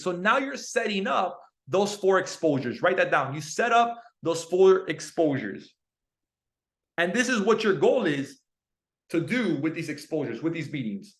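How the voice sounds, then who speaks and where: A young man leading a team call, coaching in an energetic, repetitive way and often checking in with "right?". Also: high-pitched, unhurried. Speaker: team leader on a sales call. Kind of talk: motivational coaching talk.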